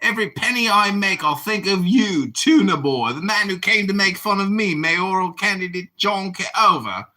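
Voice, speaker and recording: A man in his forties hosting a livestream, shouting and mocking someone in a heated argument. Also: sits high, moderate pace, few pauses. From United States. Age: 40s. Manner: mocking, shouting insults, mock British slang. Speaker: livestream host.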